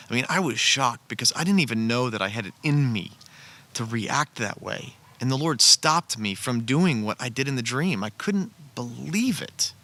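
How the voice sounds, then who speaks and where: A man's voice: medium pitch, bright, forceful tone. A man telling a personal story in an earnest, conversational way, sitting outdoors beside a campfire. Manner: earnest, conversational, with frequent restarts. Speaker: storyteller sharing a personal testimony. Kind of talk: casual spoken storytelling.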